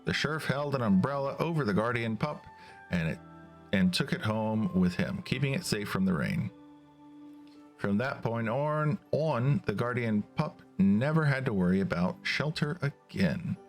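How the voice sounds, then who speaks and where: A man's voice: mid-range voice, lively intonation, moderate pace, soft background music, natural voice. A man voicing a chatty game companion who retells the puppy's story in a storytelling tone. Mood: explaining.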